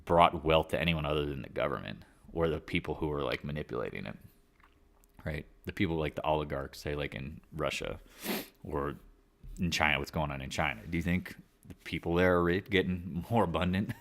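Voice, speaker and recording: A man's voice: a bass voice, a little fast, creaky, fairly bright tone. A man hosting a live market chat stream in a casual, rambling way, drifting off on tangents and slangy asides. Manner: loose, slangy. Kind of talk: casual livestream market commentary.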